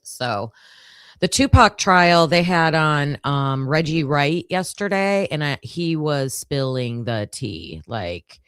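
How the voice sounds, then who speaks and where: A woman's voice: low voice, lively intonation, takes it slowly, a bit bright, clear, resonant tone, dry recording, clean studio sound. A woman hosting a casual livestream with a groggy morning voice, chatting to her viewers with lots of fillers. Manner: chatty, filler-heavy, talks to chat. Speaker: livestream host.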